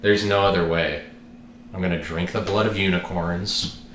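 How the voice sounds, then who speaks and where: A man's voice: low-pitched, steady tone, normal speed, fairly bright tone, reverberant, a little hiss or hum. A man hosting his own podcast, talking alone in a rambling, joking, irreverent way and swearing now and then. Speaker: podcast host. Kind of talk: rambling solo podcast monologue.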